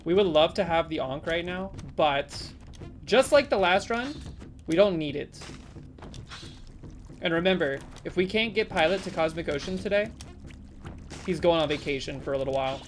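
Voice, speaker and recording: A woman streaming a game live, chatting casually with viewers in a playful way and breaking into sudden loud exclamations. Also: fairly low pitch, lively intonation, normal speed, pauses often, slight background noise.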